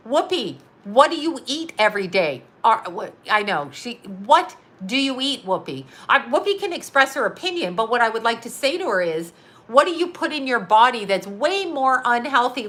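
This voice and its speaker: Middle-aged woman host, sharp bright voice, sarcastic, heated rant with swearing. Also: a little high. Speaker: psychic medium and live show host. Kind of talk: casual rant to a live audience.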